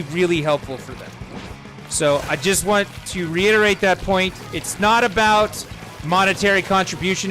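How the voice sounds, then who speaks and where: A young man talks to his stream in loose, rambling sentences full of "like" and "you know." His voice sits high and sounds bright and forceful. Faint game music plays underneath. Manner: rambling, conversational, lots of fillers. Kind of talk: casual chat while gaming.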